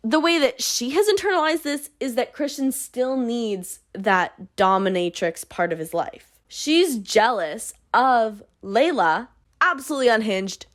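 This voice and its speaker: A woman at a mid-range pitch runs a book club recap in a casual, conversational way. Her tone is sarcastic throughout, and she drops dry asides between plot points. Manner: sarcastic, dry asides, swings into mock character voices.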